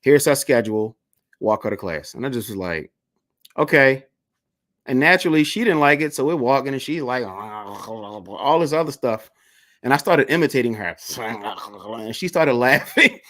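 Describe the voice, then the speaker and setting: A man hosting a video-call interview, telling a story in a casual, animated way and acting out the people in it. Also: mid-range voice, a little slow. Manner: animated, acts out the voices in his stories.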